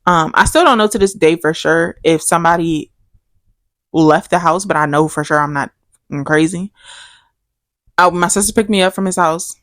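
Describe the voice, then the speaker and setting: Young woman, casual podcast co-host, low-ish voice, dry close mic, animated storyteller. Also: normal speed, long pauses, no room sound. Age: young adult. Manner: animated storytelling, acts out quotes with big pitch jumps. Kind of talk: casual chat.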